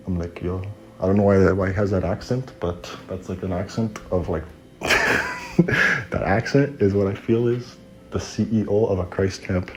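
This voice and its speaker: A man's voice: low-pitched, normal speed, low-quality recording. A man telling a rambling personal story in casual slang, often correcting himself mid-sentence.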